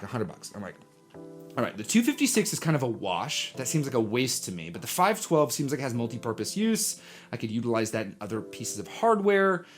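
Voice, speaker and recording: A young man hosting a casual live stream, telling an animated story and acting out the people in it, sometimes dropping to a hushed aside. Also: medium pitch. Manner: animated, acts out voices in his story, drops to hushed asides. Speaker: coffee livestream host.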